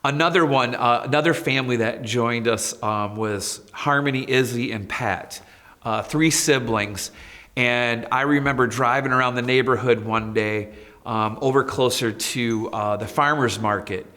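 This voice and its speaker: Speaking unhurriedly in a large hall, a male principal tells lively personal anecdotes and acts out the voices of those he quotes. His voice is in the mid range.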